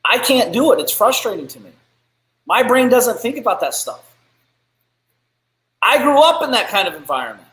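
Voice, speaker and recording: A fired-up man hosting a live business stream, preaching bluntly and swearing freely. His voice sits high for a man, and it rings in an echoey room. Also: sing-song, normal speed, long pauses, a bit bright. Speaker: business podcast host. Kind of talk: live-streamed motivational rant.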